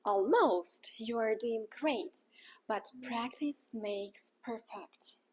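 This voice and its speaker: A woman teaching in a scripted lesson dialogue, acting out sounds with exaggerated pitch. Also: very slow, slightly rough. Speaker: language teacher.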